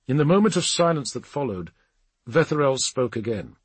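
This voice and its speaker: Husky, expressive male audiobook narrator. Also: mid-range voice, moderate pace, no echo. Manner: dramatic, expressive reading. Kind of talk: scripted narration.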